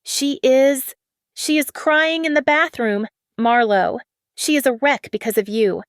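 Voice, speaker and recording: A woman voicing a spoiled, entitled young woman who snaps and whines her demands in a shrill voice. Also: animated, moderate pace, dry recording, clean studio sound, close to an everyday voice. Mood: shrill upset. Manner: shrill, snapping, whiny demands.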